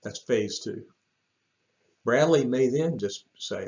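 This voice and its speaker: A man's voice: medium pitch, expressive, slow pace, vocal fry, darkish tone, dull audio. A man from a church staff giving casual advice to parents in a video, rambling with many ums and restarts.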